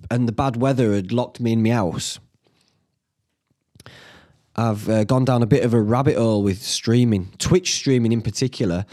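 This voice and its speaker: Chatty, swearing podcast host. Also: male voice, medium pitch, darkish tone. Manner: chatty, swears casually, laughs at himself. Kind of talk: casual solo podcast chat. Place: small home studio.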